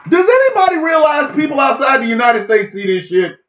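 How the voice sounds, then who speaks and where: A man delivering a loud, incredulous comedic rant, repeating himself and shouting his disbelief. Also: very high-pitched, very animated, fairly quick, few pauses, echoey room, muffled recording. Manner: loud, incredulous, repetitive ranting. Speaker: comedy podcast host. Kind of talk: ranting comedic monologue.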